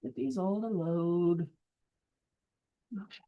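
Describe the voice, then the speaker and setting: A woman talking herself through sorting teams for a film event at an unhurried pace. Her thoughts come out as muttered, half-finished counts and quiet asides. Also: lowish voice, phone-quality sound. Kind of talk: thinking aloud while working.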